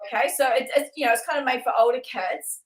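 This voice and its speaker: A woman's voice: high voice, fast talker, reverberant, poor audio. A young woman co-hosting a podcast, telling funny stories with many laughs, likes and you-knows. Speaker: podcast co-host. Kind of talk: casual chat on a podcast.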